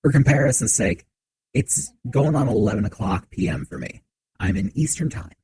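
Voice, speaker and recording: A man streaming a game from a home setup, chatting with viewers in a relaxed, joking way into a desk mic. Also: lowish voice, normal speed, slightly rough, low-quality recording. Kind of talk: casual game commentary. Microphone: desk mic on shock mount.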